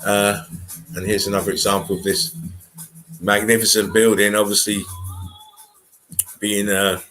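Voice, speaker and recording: A man's voice: lowish voice, level tone, measured pace, a bit bright, soft background music, low-quality recording. A man with an English accent talking casually and bluntly as a livestream host, rambling and swearing as he comments.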